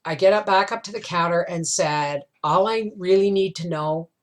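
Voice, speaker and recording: Middle-aged woman vlogger, low-pitched, rambling, emotional storyteller. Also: normal speed. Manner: tag questions like "right?". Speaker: homestead vlogger. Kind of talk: casual storytelling chat.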